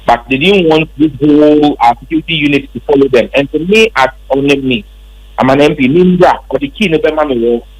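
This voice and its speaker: A man's voice: on the high side, brisk, slightly rough, dry recording, rough recording. A man with a Ghanaian accent, a member of parliament, emphatically recounting events in an interview. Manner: emphatic, repetitive storytelling.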